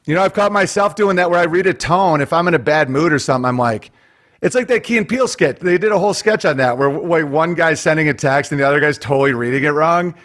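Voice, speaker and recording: Animated, profane guest with a Central New York accent. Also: male voice, fairly high pitch, quick pace. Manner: animated, profane, storytelling with mimicked voices. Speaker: podcast guest. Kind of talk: casual podcast chat.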